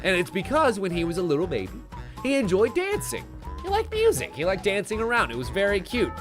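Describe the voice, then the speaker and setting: A man commenting on a party game for a live stream audience, playful and sarcastic, his pitch swinging animatedly from phrase to phrase. His voice sits a little high, with faint game music underneath. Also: wildly swooping pitch, fairly quick.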